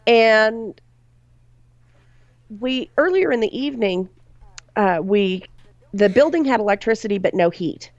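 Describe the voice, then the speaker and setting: A woman recounts a haunting from her investigations, dropping her voice low on the chilling details. The recording is dull and lo-fi, with a dry, close sound. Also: expressive, measured pace, pauses often, no room sound. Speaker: paranormal investigator guest. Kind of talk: storytelling in a podcast interview.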